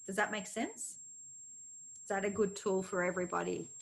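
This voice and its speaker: A woman's voice: mid-range voice, fairly even intonation, normal speed, creaky, rough recording. A woman teaching a mindfulness parenting class, repeating key phrases and checking that listeners follow.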